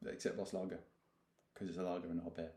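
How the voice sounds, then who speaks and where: A man's voice: sits low, level tone, fast talker, mellow. A man co-hosting a casual chat, with dry, teasing remarks. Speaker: co-host. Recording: roomy echo, faint noise.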